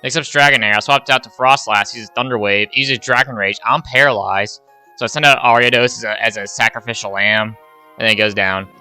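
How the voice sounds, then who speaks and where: A man's voice: medium pitch, fairly even intonation, a little fast, bright, forceful tone, clean tone, soft background music. A young man giving a rambling, casual play-by-play of a video game run, swearing and sighing at his losses. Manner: rambling play-by-play, swears, sighs when frustrated. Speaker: gaming YouTuber.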